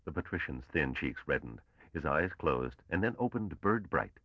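A man reading a science fiction audiobook in measured, even scripted narration. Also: rumbling low, no echo, lo-fi sound.

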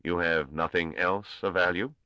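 A man reading an audiobook voices a small, scornful old male ruler who speaks in a curt, squeaky, coldly formal manner. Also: fairly even intonation, normal speed, pushed and bright, no echo, highs cut off. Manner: snapping, intoning, coldly formal. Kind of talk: audiobook character voice.

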